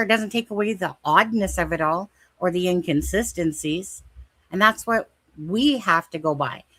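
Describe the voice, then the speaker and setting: Low, dry-voiced woman co-host, casual and rambling, repeats points for emphasis. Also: a bit bright, no room sound. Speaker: podcast co-host. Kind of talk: casual true crime discussion.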